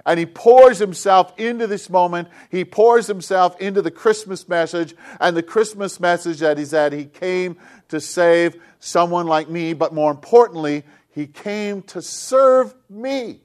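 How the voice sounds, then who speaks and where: A man preaching a sermon with passion, often sinking into a hushed, intimate voice. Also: high-pitched, a little slow. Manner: impassioned, drops to hushed intimate tones. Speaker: pastor.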